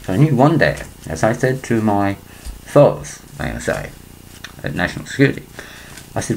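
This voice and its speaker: Rambling man, lively low voice. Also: normal speed, long pauses, slight background noise, rough recording. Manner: meandering, repeats himself, clears his throat. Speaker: self-published video maker. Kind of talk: rambling monologue to camera.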